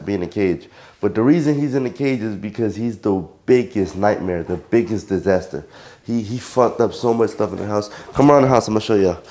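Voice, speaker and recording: A man's voice: lowish voice, darkish tone. A man casually vlogging around his home, talking loosely with stumbles and repeats, and giving his dog firm repeated commands. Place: at home, indoors.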